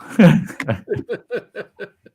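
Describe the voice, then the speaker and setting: A man's voice: high-pitched, big pitch swings, extremely slow, darkish tone, a little hiss or hum. A man hosting a casual chat, telling a long joke in a folksy way and swearing freely. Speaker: host.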